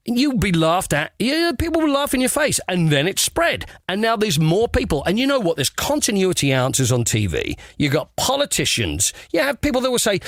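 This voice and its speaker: A man, a sports radio presenter, chatting as a guest and telling playful stories in a comic, animated way. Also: sits high, normal speed, hardly any pauses, no room sound, clean studio sound. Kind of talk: comic casual chat.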